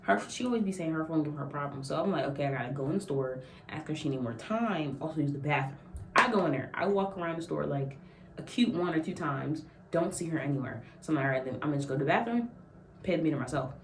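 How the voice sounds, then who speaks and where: Low-voiced woman telling a story in an echoey room. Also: fast talker, background noise. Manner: animated, acts out quotes, laughs often. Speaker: vlogger. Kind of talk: casual storytelling. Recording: echoey room, mic at a distance.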